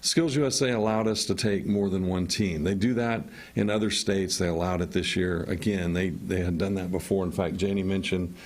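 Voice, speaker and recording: A man's voice: low-pitched, steady tone, moderate pace, hardly any pauses. A man, a teacher and team coach, explaining at length as a radio interview guest.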